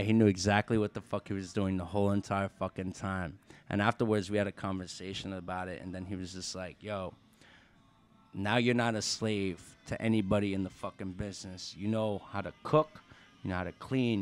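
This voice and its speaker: A man's voice: lowish voice, steady tone, brisk. A man, a restaurant owner telling stories on a podcast in casual, profane chat and acting out quotes. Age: 30s.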